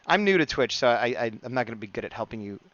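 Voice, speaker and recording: A man's voice: medium pitch, very animated, quick pace, fairly bright tone, no room sound, dull audio. A man streaming live as he draws, chatting casually and muttering to himself as he works. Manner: chatty, mumbles to himself, reads chat aloud. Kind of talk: casual live-stream chat while drawing.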